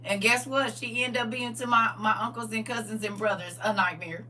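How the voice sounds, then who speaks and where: A woman hosting a casual livestream, reading viewer comments aloud and preaching in a lively way with frequent laughs. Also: a little high, fairly quick, distant mic, slight background noise. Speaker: livestream host.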